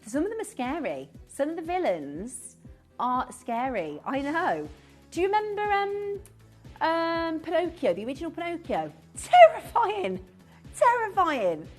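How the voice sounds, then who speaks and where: A woman's voice: sits high, very animated, normal speed, soft background music. A woman presenting on a live shopping channel in a chatty way, full of rhetorical questions. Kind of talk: live TV selling chat. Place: TV studio.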